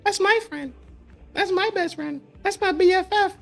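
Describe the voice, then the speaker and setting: A man putting on a squeaky gushing man-child. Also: moderate pace, creaky, soft background music. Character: grown man gushing like a child over his best friend.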